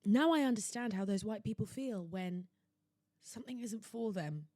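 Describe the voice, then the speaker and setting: Medium in pitch and warm in tone, this young woman speaks at a moderate pace as she hosts her podcast. Her casual solo rant about shopping is theatrical and sarcastic, captured on a laptop setup at home with clean studio sound and no room noise.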